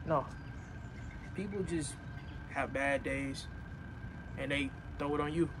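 A young man giving an earnest, casual motivational pep talk, repeating himself and pushing his voice louder as he urges the listener on. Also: a little high, slow, noisy background. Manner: earnest, repetitive, rising to loud urging. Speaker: vlogger.

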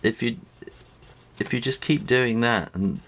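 This drawing teacher is a middle-aged man with an English accent, speaking at medium pitch in an unhurried, slightly bright voice. He explains loosely while drawing, full of fillers and restarts, and faint noise and writing sounds can be heard.

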